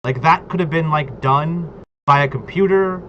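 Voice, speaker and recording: A man's voice: on the high side, moderate pace, fairly bright tone. A man in casual chat about tabletop role-play, rambling and filling his talk with "like" and "right?". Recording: dull lo-fi audio with clear background noise.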